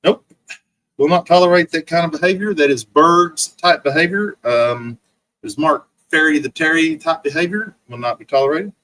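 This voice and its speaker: Bright-voiced guy streaming, cussing and ranting nonstop, repeats himself a lot, fairly high pitch. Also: moderate pace, rough recording. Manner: profane, mocking, repetitive ranting; reads and answers chat comments. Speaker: livestream host. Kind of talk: ranting livestream monologue.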